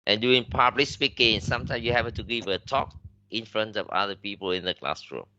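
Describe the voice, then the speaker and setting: Low, bright-voiced Vietnamese man teaching. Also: brisk, highs cut off, a little hiss or hum. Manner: switches between English and Vietnamese, many fillers and restarts. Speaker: English teacher. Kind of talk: classroom lecture.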